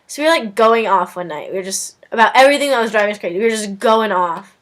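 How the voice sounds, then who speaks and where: This young adult vlogger talks fast with a fairly bright, medium-pitched voice. Sitting in her dorm room, she chats through stories to the camera, acting out quotes and filling her speech with "like."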